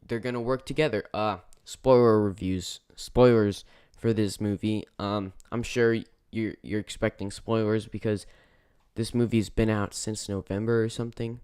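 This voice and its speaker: Guy doing a chatty movie review, keeps restarting sentences, clean smooth voice, dry close sound. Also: on the low side, steady tone, moderate pace, a little mellow, no room sound. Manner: rambling, self-correcting, lots of fillers. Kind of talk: casual spoken movie review.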